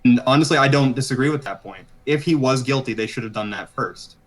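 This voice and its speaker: A man debating on a stream who talks at a rapid clip, hedging and readily conceding points. He sounds jittery and wired, with a mid-range voice. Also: medium pitch. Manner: fast, hedging, conciliatory. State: jittery from energy drinks. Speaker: debate guest. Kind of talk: casual debate over a voice call.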